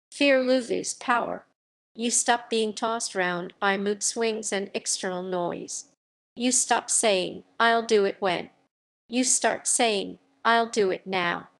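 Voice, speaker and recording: A woman reading a motivational self-help audiobook in a firm, emphatic way, with short punchy sentences. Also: mid-range voice. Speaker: audiobook narrator. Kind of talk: scripted motivational narration.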